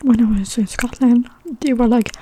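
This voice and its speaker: A woman's voice: a little high, fairly even intonation, moderate pace, dark tone, a little hiss or hum. A young woman from Sweden telling chatty stories in a whispered role-play mukbang, with a stuffy nose. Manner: chatty whispered storytelling between bites. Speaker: mukbang ASMR creator.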